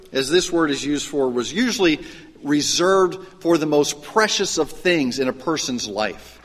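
A man preaching a sermon. He swings between raised, emphatic lines and hushed, dropped asides. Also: medium pitch, in a large hall. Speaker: pastor.

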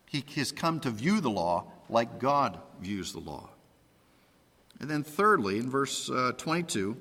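A man's voice: medium pitch, very animated, normal speed, pushed and bright, long reverb tail. A man preaching a sermon, reading scripture aloud and explaining it verse by verse.

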